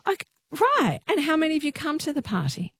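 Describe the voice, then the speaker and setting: A woman's voice: sits high, big pitch swings, no echo, clean studio sound. Woman hosting a radio quiz. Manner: friendly, brisk, reading callers' messages. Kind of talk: radio talk show hosting.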